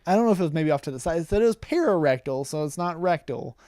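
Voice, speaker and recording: A young man tells a story on a casual podcast, his voice smooth and clear and pitched a little high. He pauses often on "um" while he quotes other people's lines. The recording is dry and close, with no room sound. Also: animated, darkish tone, dry recording. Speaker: podcast co-host retelling a story.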